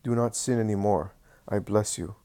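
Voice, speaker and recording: A man voicing a gentle but authoritative male spiritual master who speaks calmly and solemnly. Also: lowish voice, close to an everyday voice. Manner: calm, measured, solemn.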